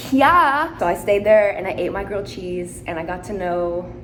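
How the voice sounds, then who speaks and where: A woman's voice: lowish voice, level tone, brisk, a little hiss or hum. Chatty young woman vlogging, echoey. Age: young adult. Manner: chatty, giggly storytelling. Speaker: travel vlogger. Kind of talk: casual vlog chat. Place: hotel room and outdoors. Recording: echoey with loud ambience.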